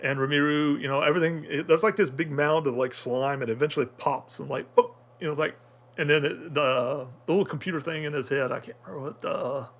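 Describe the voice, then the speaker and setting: A man's voice: a little high, steady tone, brisk. A man talking through an anime episode in casual review commentary, rambling with many fillers and restarts.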